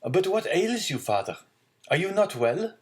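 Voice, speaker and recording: A man's voice: sits high, big pitch swings, measured pace, a little mellow, pitched above the performer's own voice. A man doing an eager young sailor. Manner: earnest, pleading. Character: eager young male sailor, twenty, devoted son.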